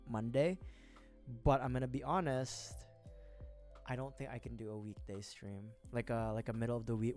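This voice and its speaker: Medium in pitch with a darkish tone, this young Filipino man chats casually on a livestream while assembling a model kit. His talk is rambling, chatty, and self-deprecating.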